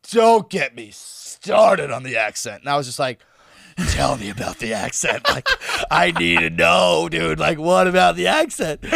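Man, casual podcast storyteller, slightly high voice, animated, swears, dry close sound. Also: no echo. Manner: animated, swearing, acts out quoted dialogue. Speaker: podcast co-host.

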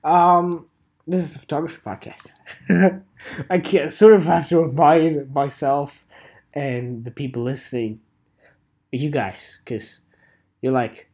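Slow, rambling young man podcasting. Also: a little high, steady tone, a little mellow, breathy edge. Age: 20s. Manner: self-mocking, jokey, swearing, many fillers and asides. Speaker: podcast host. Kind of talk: rambling solo podcast talk.

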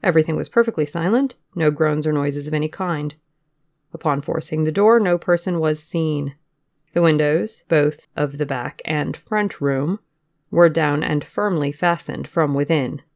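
A podcast reader giving a measured audiobook narration of witness testimony. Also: mid-range voice, gravelly. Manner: measured, even-paced reading of witness testimony.

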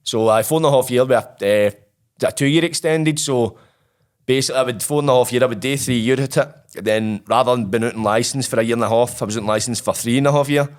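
A man's voice: mid-range voice, quick pace. A Scottish man telling his own story as an interview guest, blunt and profane, acting out old conversations.

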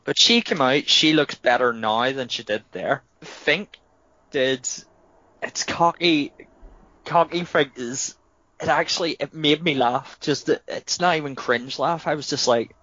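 Laughing, animated podcast co-host man. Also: medium pitch, takes it slowly, dull audio. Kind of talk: casual wrestling podcast chat.

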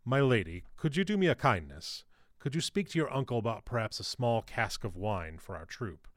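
A man voicing a calm, white-haired old male actor who leads a troupe, speaking in a deep, practised and florid theatrical manner. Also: normal speed, no echo, studio quality, natural voice. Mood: courtly. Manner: florid, courteous.

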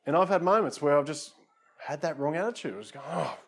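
A man's voice: a little high, lively intonation, quick pace. Guy preaching a chill sermon, pokes fun at himself, keeps talking right to the crowd. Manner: casual, self-deprecating, lots of asides to listeners. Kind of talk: conversational sermon.

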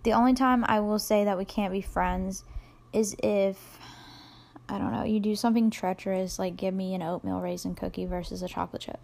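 A young woman talks alone into her podcast mic in a loose, rambling way. She keeps tripping over fillers and teasing herself as she goes. Her voice sits at an ordinary middle pitch. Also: steady tone, a little fast, gravelly, a little mellow. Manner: rambling, self-deprecating, lots of fillers. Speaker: podcast host. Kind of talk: casual solo podcast monologue.

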